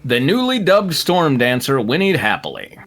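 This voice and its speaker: A man's voice: medium pitch, wildly swooping pitch, normal speed, a bit bright. A man hosting a live stream, narrating fan fiction aloud in a playful way, with laughs and banter between the lines. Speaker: narrator and host.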